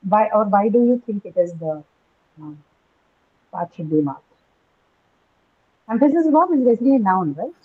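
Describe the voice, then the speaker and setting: With big pitch swings, frequent pauses and a breathy edge, this medium-pitched teacher speaks at normal speed through an English pronunciation class. She tags remarks with "right?" and quizzes students, in dull lo-fi audio.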